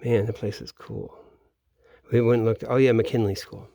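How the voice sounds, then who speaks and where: A man's voice: medium pitch, steady tone, normal speed, dark tone, no room sound, lo-fi sound. A man vlogging in a meandering, profane casual monologue, often trailing off and restarting sentences. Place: home in Florida, at night.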